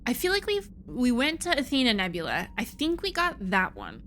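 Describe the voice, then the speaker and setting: A woman's voice: a little high, wildly swooping pitch, fairly quick, a bit bright, slight background noise. A woman streaming a video game, chatting casually, frustrated and swearing freely. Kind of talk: casual let's-play commentary.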